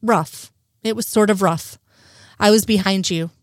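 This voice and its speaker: A woman reading the lines of a sheepish, hesitant male agent in a storybook reading, halting and sighing as she speaks. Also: mid-range voice, dry recording, clean studio sound, lightly acted.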